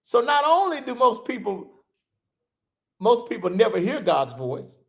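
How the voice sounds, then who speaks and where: Animated preaching man with gravelly voice. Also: very high voice, unhurried. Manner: animated preaching with laughs and repeated phrases. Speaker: bishop. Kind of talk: sermon. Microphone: livestream.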